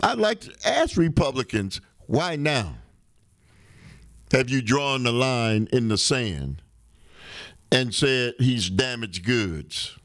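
A man hosting a talk radio show, giving an unhurried, conversational political monologue with rhetorical questions. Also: medium pitch, sing-song, a bit bright, no room sound, clean studio sound.

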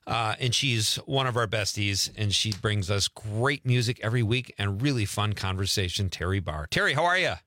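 A man's voice: fairly low pitch, animated, moderate pace, hardly any pauses, sharp tone, a little hiss or hum. A man hosting a radio show, chatting casually and laughing easily with his co-host. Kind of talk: casual on-air chat. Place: radio studio.

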